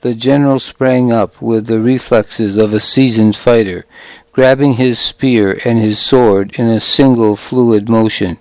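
Slow, measured male storyteller. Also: mid-range voice, a little mellow, dry recording, low-quality recording. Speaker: audiobook narrator. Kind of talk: scripted first-person story narration.

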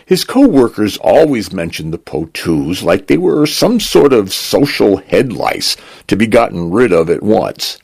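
A man narrating a story in a very low, gravelly voice that rises and falls with lively pitch. He reads slowly and deliberately, and his husky tone sits close and dry. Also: dry recording. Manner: slow, measured storytelling delivery. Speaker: host and volunteer narrator.

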